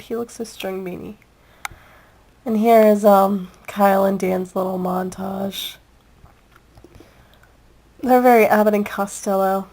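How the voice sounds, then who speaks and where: A woman's voice: medium pitch, vocal fry, a little mellow, low-quality recording. A young woman in casual chat, reviewing a video with a giggly, rambling, gushing manner.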